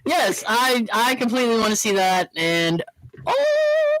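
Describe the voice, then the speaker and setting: A woman co-hosting a podcast in casual chat, chatty and quick to laugh. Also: a little high, slight background noise, low-quality recording. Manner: animated, laughs often, chatty. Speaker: podcast co-host.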